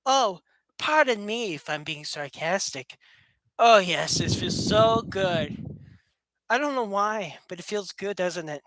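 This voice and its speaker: Woman vlogger, goofy rambling home chat to webcam, bright, dry sound. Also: mid-range voice, animated, unhurried, dry recording. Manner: playful, rambling, laughs often, jokes sarcastically. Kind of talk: casual chat to camera. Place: room at home with a fast fan running.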